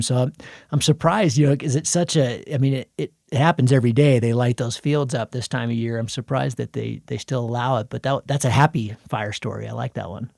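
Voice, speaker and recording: A man's voice: medium pitch, normal speed, vocal fry, no room sound, studio quality. A man hosting a podcast, telling stories in a loose, rambling way full of fillers and restarts. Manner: rambling, animated storyteller with many fillers. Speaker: podcast host. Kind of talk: casual storytelling chat.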